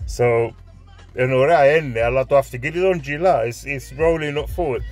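A man's voice: medium pitch, moderate pace, darkish tone, faint music behind. A man, telling a rambling anecdote, swearing freely and dropping Greek phrases in. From north London. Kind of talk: anecdotal storytelling.

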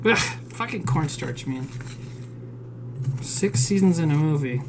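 Woman streamer in a kitchen, foul-mouthed casual cook, swoopy animated voice, noisy stream audio. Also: low-pitched, measured pace. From South Dakota, US. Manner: profane, chatty, reads recipe steps aloud and answers chat. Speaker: streamer cooking live. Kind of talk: casual live-stream chat while cooking. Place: home kitchen.

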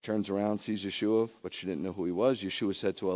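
A man, a rabbi, preaching a lively sermon full of rhetorical questions and conversational asides. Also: deep voice, fast talker, few pauses.

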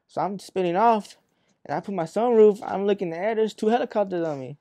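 Speaking fairly quickly in a high, mellow voice, an Arizona rapper recounts long stories during an interview, using profane street slang, plenty of fillers, and impressions of the people involved. No room sound is audible.

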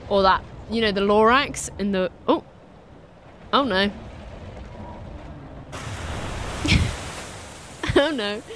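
A woman's voice: medium pitch, unhurried, a bit bright, a little hiss or hum. A young woman commentating a game she is playing for the first time, reacting to what she sees with frequent laughs and nervous exclamations. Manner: reactive, giggly, easily spooked. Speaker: game streamer. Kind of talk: let's play commentary.

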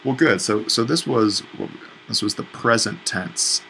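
A man's voice: lowish voice, a little slow, vocal fry, sharp tone, slight background noise, rough recording. A man teaching a language lesson at a whiteboard, explaining patiently and correcting himself as he writes. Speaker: Greek instructor.

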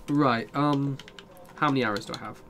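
A man's voice: medium pitch, normal speed, a bit bright, slight background noise. A young man casually commenting on a survival game as he plays, swearing and talking back to his chat. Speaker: streamer.

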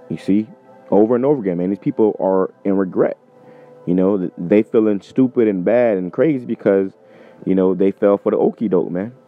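A man delivers an informal, emphatic sermon, swearing freely and punctuating his points with "man". His voice sits fairly low. The sound is thin and phone-like, with faint music underneath. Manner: profane, emphatic, repeats "man". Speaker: preacher. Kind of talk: informal preaching with scripture reading.

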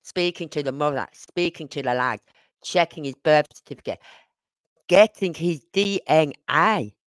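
During live-stream commentary, this YouTuber hammers points home, repeating them, asking rhetorical questions, and saying sorry for speaking too quickly. The voice sits in the mid range with no echo.

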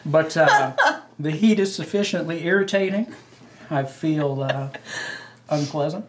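A man co-hosting a casual taste-test video, joking in a dry, deadpan way. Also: a little high, measured pace. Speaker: co-host. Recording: noisy background hiss.

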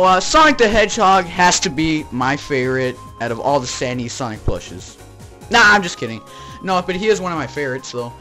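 A hyper, jokey toy reviewer from Texas who rambles through a comedic review with plush skits. the voice is bright and sharp, and the pitch swings all over the place. faint music plays under the talking. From Texas, United States.

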